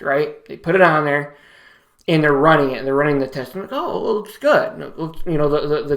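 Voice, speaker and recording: A man's voice: fairly high pitch, a bit bright. Man, vlogger, casual storytelling, rambling, restarts, quoted dialogue.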